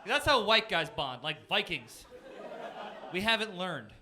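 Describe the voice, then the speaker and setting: A man in his twenties from Florida doing a self-deprecating stand-up set on a comedy club stage, punchy, with quick jumps into silly voices. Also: high voice, sing-song. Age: 20s. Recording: noisy live comedy club with crowd laughter. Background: audience laughter.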